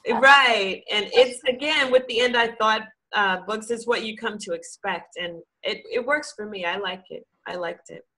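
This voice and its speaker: A woman's voice: on the high side, moderate pace, hardly any pauses, bright, forceful tone, low-quality recording. A woman book reviewer giving a thoughtful conversational review, restarting phrases as she works out her points.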